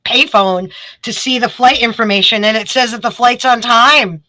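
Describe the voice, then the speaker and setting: A woman, a guest telling a story in casual chat, animated and quick. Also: on the high side, no echo, rough recording. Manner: animated, quick storytelling with bursts of acted quotes.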